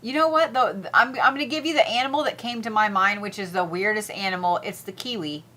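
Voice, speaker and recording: A woman's voice: medium pitch, brisk, sharp tone. A woman hosting casual zodiac and crystal reads, blunt and profane, repeating herself as she talks. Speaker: spiritual reader, host.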